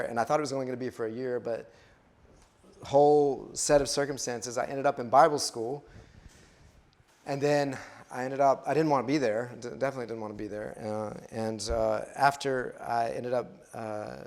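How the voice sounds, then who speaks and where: Fifties guy from west texas telling his life story, lots of uh and restarts. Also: medium pitch. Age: 50s. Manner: storytelling, many restarts and fillers. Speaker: missionary speaker. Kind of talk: personal testimony in a sermon.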